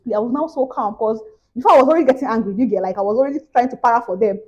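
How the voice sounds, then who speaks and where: Animated young Nigerian woman telling a story. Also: on the high side, racing, muffled recording. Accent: Nigerian English. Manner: animated, swings between loud exclamations and hushed asides. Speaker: vlogger. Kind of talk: casual storytelling to camera.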